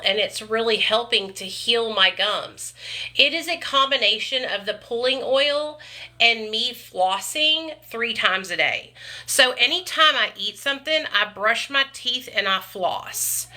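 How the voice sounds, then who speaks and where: A woman with a drawl chats on a casual livestream, sprinkling in "y'all" and "baby" as she talks to her viewers. Her voice is very bright and sits slightly high. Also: unhurried. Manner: chatty, frequent "you guys" and "y'all", calls viewers honey and baby. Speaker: vlogger chatting with live viewers.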